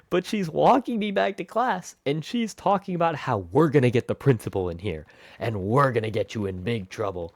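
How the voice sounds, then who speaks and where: A man telling a story from his school days in an animated, expressive vlog. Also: mid-range voice, normal speed, no echo, studio quality. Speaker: vlogger.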